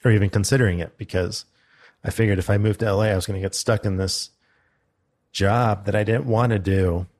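Young man, low voice, casual storytelling, relaxed chat. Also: brisk. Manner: storytelling, quoting a loud instructor in his telling.

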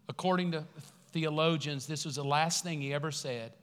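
A man pastor preaching a sermon, telling a story with lively acted-out quotes before turning quiet and earnest. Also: a little high, a little fast, few pauses. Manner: animated storytelling, acting out quotes, laughing, then quiet and earnest. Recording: long hall reverb.

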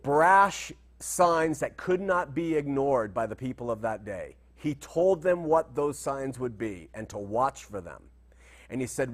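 A man teaching through Bible verses in a conversational style, often asking rhetorical questions. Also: on the high side. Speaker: preacher.

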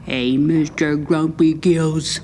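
A woman voicing a cheerful, forgetful female fish in an animated film, sing-song and playful. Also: low voice, takes it slowly, a little hiss or hum.

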